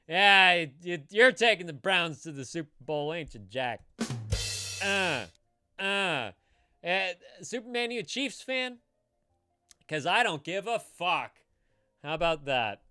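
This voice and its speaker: A man's voice: high-pitched, big pitch swings, slow pace, pauses often, pushed and bright, clear, resonant tone, dry recording, studio quality, faint music behind. A man co-hosting a live stream, joking around, laughing often and swearing casually. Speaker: co-host.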